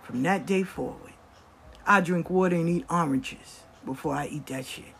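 A woman's voice: low-pitched, moderate pace, gravelly, fairly bright tone, a little hiss or hum. A middle-aged woman telling stories from her life in blunt, profane casual talk, acting out the voices of the people she quotes. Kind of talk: casual storytelling.

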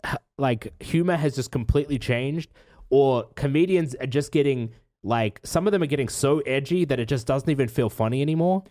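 A young man co-hosting a casual podcast, talking haltingly with lots of restarts and dry sarcasm. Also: mid-range voice, dark tone, no room sound. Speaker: podcast co-host. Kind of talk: casual chat.

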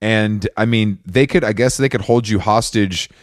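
A man's voice: on the low side, moderate pace, no room sound, studio quality. A young man co-hosting a podcast, teasing his co-host in casual chat and laughing often.

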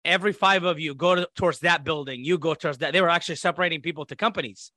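Talking very fast with a somewhat high voice, the Iraqi guest on this podcast tells a story conversationally, lively and mimicking quoted voices. The audio is clean studio sound without echo.

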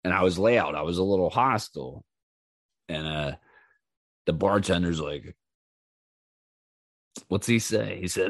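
A man with a fairly low voice tells rowdy stories of his own on his podcast. He acts out every quoted line, jumping up loud for the shouting parts. He curses freely and keeps laughing at himself, recorded dry and close with no room sound. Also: measured pace, long pauses, no echo. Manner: animated, acts out quoted lines in raised voices. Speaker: podcast host. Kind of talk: casual storytelling monologue.

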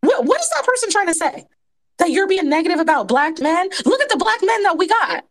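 A woman chatting casually in an audio room, animated and indignant, quick to laugh. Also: very high voice. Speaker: guest speaker in audio room. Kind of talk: casual chat.

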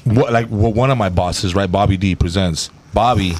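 A man's voice: fairly low pitch, normal speed, darkish tone, slightly rough. A man guesting on a podcast as a comedian, telling stories in a loose, rambling way with frequent swearing and restarts. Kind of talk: casual podcast chat.

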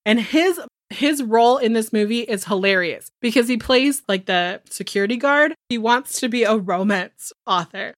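A young adult woman casually recapping a movie on a podcast, telling it with animated, swearing storytelling and quick voices for the characters. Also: on the high side, no echo, studio quality. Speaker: podcast co-host.

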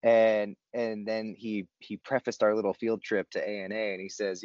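Low male storyteller, laid-back and slangy, dry dull lo-fi recording. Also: flat delivery, normal speed, a little mellow, no echo. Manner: laid-back, slangy, self-mocking humor. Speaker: guest telling his recovery story. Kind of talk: casual storytelling chat.

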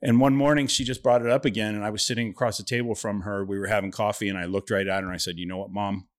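A middle-aged man speaking in a somewhat low voice on a casual podcast. He teases his co-host with dry, deadpan humor and talks in an easy, conversational way. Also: rapid-fire. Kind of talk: casual chat.

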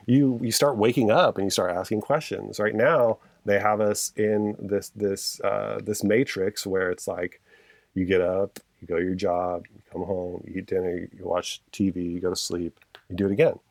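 A man's voice: low voice, steady tone, moderate pace, creaky, dry recording. A man in casual conversation, explaining his views earnestly and at length, with frequent restarts. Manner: earnest, passionate, rambling with restarts.

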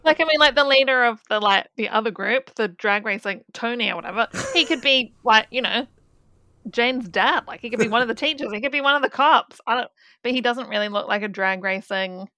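A woman co-hosting a casual film podcast, animated and quick to mimic characters in funny voices. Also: fairly high pitch, dry recording. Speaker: podcast co-host.

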